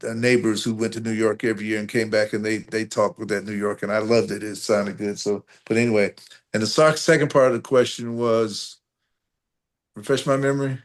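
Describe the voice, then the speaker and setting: A man's voice: on the low side, brisk. A man from North Carolina, a guest poetry performer, chatting easygoingly on a video call with folksy sayings. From North Carolina, USA. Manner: relaxed storyteller, folksy sayings and chuckles. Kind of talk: casual video-call interview.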